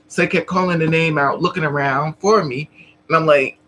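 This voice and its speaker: A woman's voice: sits low, steady tone, fairly quick, a bit bright, a little hiss or hum, poor audio. A trans woman telling a story casually to her live chat, laughing often and acting out the other people in it. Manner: chatty, laughing, acts out other people's lines. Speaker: vlogger.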